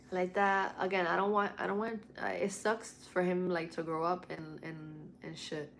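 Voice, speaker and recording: Lowish-voiced woman chatting on a livestream. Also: fairly even intonation, normal speed, vocal fry, slight background noise. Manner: mixes english and spanish, swears freely, candid. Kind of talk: casual livestream chat. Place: home at night.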